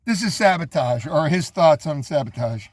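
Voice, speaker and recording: A man hosting casual commentary on music videos, relaxed and rambling with asides. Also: on the high side, normal speed, dry recording. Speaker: host.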